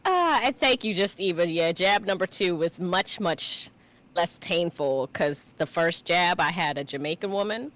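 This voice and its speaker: A woman co-hosting a casual writing chat over a video call, telling stories in an expressive, colloquial way. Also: lowish voice, a little slow.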